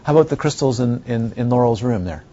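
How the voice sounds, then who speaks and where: Buddhist teacher giving an animated talk. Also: male voice, mid-range voice, fast talker, lo-fi sound. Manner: animated, rhetorical questions, acts out others' reactions. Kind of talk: dharma talk to students.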